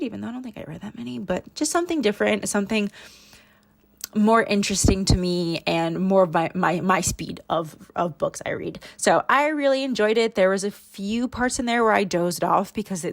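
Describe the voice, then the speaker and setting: A woman's voice: mid-range voice, creaky. Chatty young woman rambling through her week. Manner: rambling, chatty, self-deprecating. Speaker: planner vlogger. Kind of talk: casual voiceover chat. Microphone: home voiceover mic.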